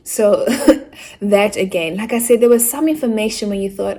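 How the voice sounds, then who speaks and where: Woman from Africa, book reviewer, middle pitch, animated chatty rant with mock-outraged asides. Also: a little hiss or hum. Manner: acts out characters' lines in quick asides.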